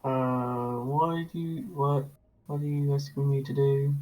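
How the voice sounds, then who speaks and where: A man joining a game stream as a guest, talking casually in a hesitant, halting way with many fillers. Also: mid-range voice, steady tone, lo-fi sound. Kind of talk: casual chat.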